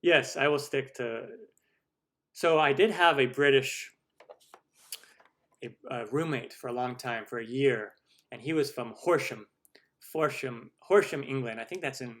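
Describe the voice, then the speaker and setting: Man, middle-aged, live-stream host, chatty, rambling, mid-pitched voice, casual Q&A. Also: a little slow, long pauses, a bit bright. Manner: rambling, chatty, many restarts and laughs.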